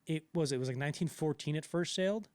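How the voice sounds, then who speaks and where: A man's voice: a little high, fast talker, a little mellow, no echo. A man co-hosting a casual podcast about a film, rambling with lots of fillers and restarts. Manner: rambling, many fillers and restarts, acts out quotes. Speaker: podcast co-host.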